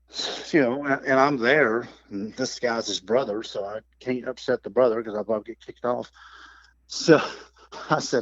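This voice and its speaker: Middle-aged male storyteller, lively yarn-spinner who acts out quotes and calls; mid-pitched, dry and muffled podcast sound. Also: fairly quick, no echo. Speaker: guest, turkey hunting instructor. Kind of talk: casual storytelling. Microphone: podcast microphone. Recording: dull, dry lo-fi podcast audio.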